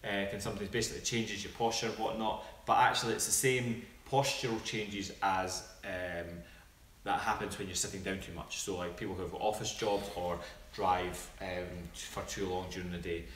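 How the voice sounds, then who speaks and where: A Scottish man co-hosting a fitness live Q&A, explaining things in a relaxed way with plenty of fillers. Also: low-pitched, fairly quick, echoey room. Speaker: fitness coach co-host. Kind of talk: casual live Q&A.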